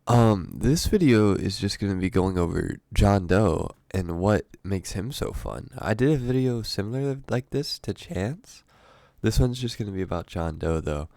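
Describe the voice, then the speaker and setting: A man's voice: low voice, moderate pace, gravelly, a little mellow, no room sound. A sick, congested man with a stuffy voice, casually explaining a game character's abilities as a voice-over. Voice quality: stuffy, nasal from a cold. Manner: chatty, explains step by step with fillers. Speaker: gaming YouTuber.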